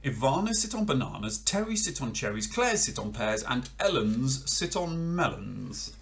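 A man's voice: medium pitch, very animated, gravelly, pitched above the performer's own voice. A man doing a clever bossy frog. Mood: brisk, rhyming. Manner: brisk, rhythmic rhyming recitation.

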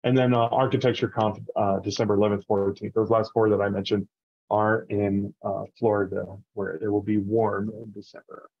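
A man's voice: fairly low pitch, level tone, moderate pace, slightly rough, muffled recording. A man co-hosting a casual podcast chat, running through event dates with lots of fillers and small laughs. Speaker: podcast co-host.

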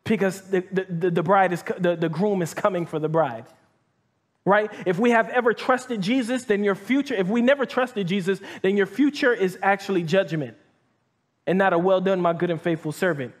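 A man with a high, light voice preaches to a live congregation in easy, conversational speech. He breaks into scripture readings, then stops to comment, often restarting his sentences and tossing in "right?" to the room. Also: moderate pace. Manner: reads scripture aloud and comments between verses. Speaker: pastor. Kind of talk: sermon. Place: church hall with live audience.

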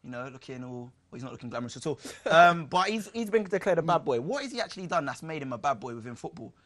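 A man's voice: fairly high pitch, big pitch swings, quick pace, a bit bright. A man with a London accent hosting a casual comedy football chat show, playful and hyping up the audience. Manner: playful, hypes the crowd. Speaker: host.

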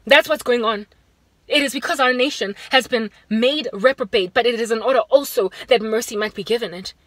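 A South African woman giving a fervent, preaching vlog monologue from inside a car, moving between urgent raised warnings and hushed appeals. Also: a little high, fairly quick, no echo. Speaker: Christian vlogger.

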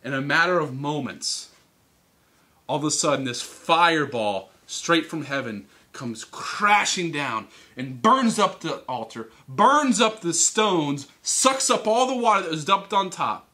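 A man preaching to teens, telling a Bible story with animated, teasing character voices. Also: fairly high pitch, measured pace. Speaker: youth speaker. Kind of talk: youth sermon storytelling. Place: church hall.

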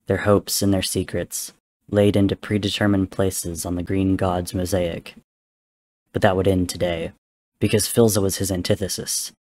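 A man giving a dramatic reading of a story, narrating in a steady, grave storytelling manner. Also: deep voice. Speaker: reader. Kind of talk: dramatic reading of fan fiction.

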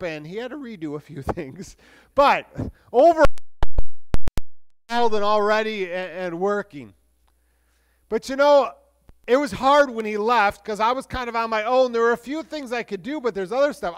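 High-voiced man preaching a sermon. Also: smooth. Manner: conversational preaching with restarts, shifting between lively and hushed. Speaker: pastor.

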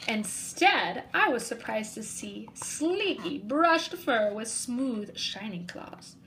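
A woman reading a children's picture book aloud and telling it as a young boy would. Her voice sits a little high, bright and lively, rising and falling freely. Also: slow pace, a little hiss or hum, rough recording. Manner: expressive, voicing a young boy narrator. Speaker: storybook reader.

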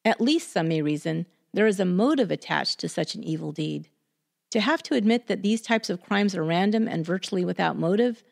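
A woman hosting a podcast, reading a scripted true crime story in a measured, deliberate way. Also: mid-range voice, gravelly, a little mellow.

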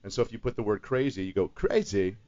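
A man's voice: fairly low pitch, very fast, warm tone. A man, a voice actor, chatting on a radio talk show and explaining how to build voice impressions. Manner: explains voice impressions, demonstrates them. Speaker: voice actor guest. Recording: dull lo-fi radio broadcast.

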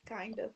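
A woman's voice: fairly high pitch, vocal fry, dark tone, husky. A young woman from Baltimore with a Baltimore accent, chatting brashly and cursing freely as a guest on a livestream. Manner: brash, profane, laughing. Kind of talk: casual chat on a livestream.

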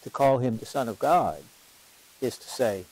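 Man teaching a lively parish Bible class. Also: medium pitch, unhurried, breathy edge, rough recording. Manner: questions the class, repeats lines for emphasis. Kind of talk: lively classroom lecture on scripture.

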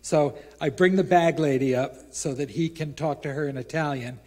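An American man, a featured author, tells a rambling live anecdote at a museum event, acting out the dialogue with bursts of shouting. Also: a little high, moderate pace. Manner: animated, acts out dialogue with rising shouts; rambling with many fillers.

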